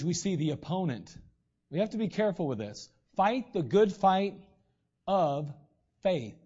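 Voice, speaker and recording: Male pastor, high-pitched, casual preaching style, muffled recording. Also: a little mellow. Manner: conversational preaching with frequent throat clearing. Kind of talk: sermon. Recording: dull lo-fi recording.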